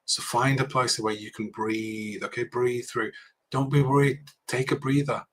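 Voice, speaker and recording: A man's voice: mid-range voice, level tone, moderate pace, a bit bright. A man leading a university workshop on public speaking, talking conversationally with frequent "okay"s and restarts.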